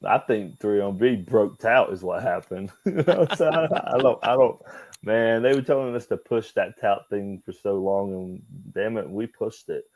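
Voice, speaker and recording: A man's voice: lowish voice, normal speed, a little mellow, dry recording. A man who used to wrestle, talking as an interview guest in a loose, swearing style, laughing as he tells his stories. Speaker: guest, former pro wrestler. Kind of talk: casual interview storytelling.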